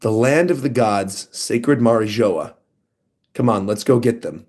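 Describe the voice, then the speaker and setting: A man streaming a casual manga reaction, reading panels aloud and commenting in an excitable, animated way. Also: mid-range voice, measured pace. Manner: excitable, animated, reads lines in funny voices.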